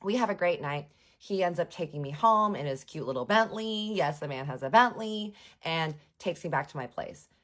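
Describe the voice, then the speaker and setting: A woman telling a personal story in a casual, animated, sarcastic way, with frequent swearing. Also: deep voice, normal speed. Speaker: vlogger.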